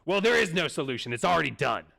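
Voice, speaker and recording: A man doing a yelling, furious old bowler. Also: mid-range voice, big pitch swings, fast talker, creaky, heavily acted. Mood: angry. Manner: yelling, threatening. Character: angry old man bowler, eighty, hostile.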